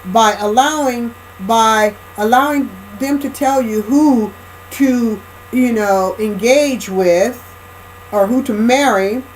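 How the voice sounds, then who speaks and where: A woman's voice: a little high, slow pace, slight background noise, rough recording. Emphatic woman giving a rambling spiritual lecture. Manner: emphatic, repeats phrases and restarts often, checks in with "right?" and "okay?". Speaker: spiritual speaker.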